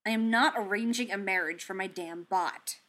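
A woman voicing an exasperated, grumbling male inventor, protesting loudly and rising high. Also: moderate pace, close to an everyday voice. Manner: loud, high-pitched protests. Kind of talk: audiobook character reading.

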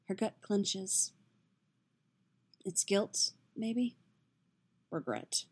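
A woman reading a story aloud in a soft, steady, intimate narration. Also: mid-range voice, a little slow. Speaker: reader. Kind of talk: audiobook-style fiction reading.

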